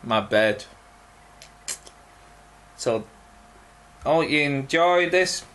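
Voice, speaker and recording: A young man answering viewer questions in a casual video, halting and full of ums. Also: fairly high pitch, animated, fairly bright tone. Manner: slow, halting, many ums and pauses. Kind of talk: casual Q&A vlog.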